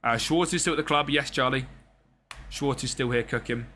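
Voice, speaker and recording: Over a football management game, a young male streamer offers loose commentary at a moderate pace, his mid-range voice bright and forceful. Faint noise sits behind him as he reads viewer messages, talks with his audience, and curses casually.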